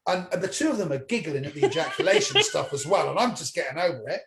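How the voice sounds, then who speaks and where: A high-pitched man with a lively, bouncing voice tells comic stories and acts out every voice in them. He is a stand-up comedian and he swears freely. The sound is roomy, with a faint hiss underneath. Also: fast talker, hardly any pauses. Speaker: comedian guest. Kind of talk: anecdotal storytelling. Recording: echoey room with faint noise.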